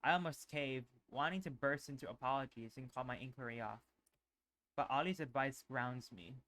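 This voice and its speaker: A male streamer reading a visual novel aloud in an expressive, unhurried way. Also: mid-range voice. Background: background music.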